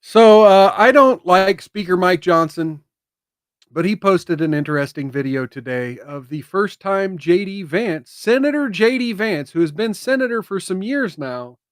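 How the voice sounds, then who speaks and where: A high-pitched man delivers casual political commentary from his own show. He talks with emphatic bursts that drop into hushed, emotional asides. The sound is dry and close. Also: lively intonation, measured pace, dry recording.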